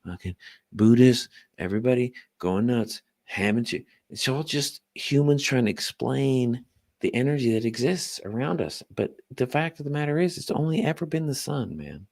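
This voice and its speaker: A man's voice: medium pitch, a little mellow. A man co-hosting a casual late-night podcast, profane and emphatic, hammering the same point again and again. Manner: profane, emphatic, repeats his point over and over. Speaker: podcast co-host.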